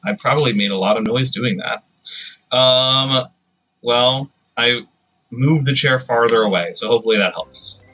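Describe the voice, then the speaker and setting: A man's voice: medium pitch, measured pace, bright, forceful tone, muffled recording. A man live-streaming a video game, chatting casually and rambling to himself with self-deprecating remarks.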